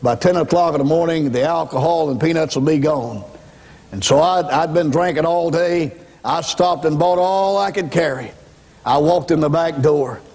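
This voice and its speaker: This evangelist's voice runs on the high side with a darkish tone, trailed by a long reverb. He delivers his sermon testimony as dramatic storytelling, acting out voices and speaking emphatically, straight to the congregation.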